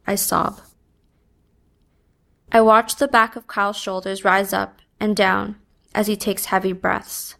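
A woman reading a first-person story aloud in a subdued, even manner. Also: medium pitch, gravelly. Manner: slow, even, subdued delivery. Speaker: narrator.

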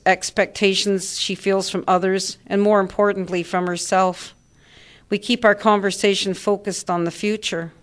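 A woman reading her own first-person story aloud with a measured, understated delivery. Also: mid-range voice, clean tone.

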